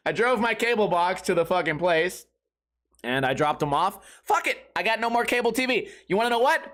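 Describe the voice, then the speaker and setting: Animated, ranting male podcast host. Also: high voice, moderate pace. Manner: animated, profane storytelling with shouted outbursts. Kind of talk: comedic rant.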